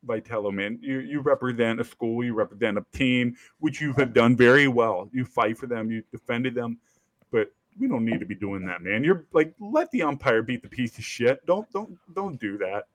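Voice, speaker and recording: A man hosting a casual sports podcast, telling stories with lively acted-out quotes and casual swearing. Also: medium pitch, moderate pace, no room sound. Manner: animated storyteller, acts out quotes, swears casually. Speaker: podcast host.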